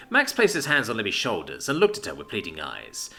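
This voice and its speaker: A man's voice: on the low side, wildly swooping pitch, brisk, hardly any pauses, pushed and bright, faint music behind. A man narrating a fiction story in a dramatic way, giving each character their own acted voice.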